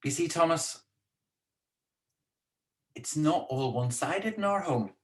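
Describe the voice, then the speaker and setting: The live-stream co-host speaks slowly in a fairly high voice with lively intonation, keeping his talk from home chatty, playful and teasing.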